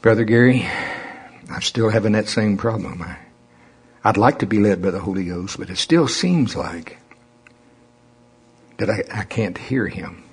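A man voicing a troubled male churchgoer who asks for help in a hesitant, halting way. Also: on the low side, expressive, husky, full character voice.

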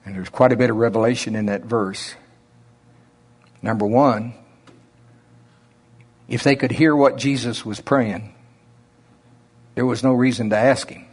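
A man with an Oklahoma accent preaching a sermon in a slow drawl, with emphatic rises and drops. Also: medium pitch, steady tone, darkish tone, husky.

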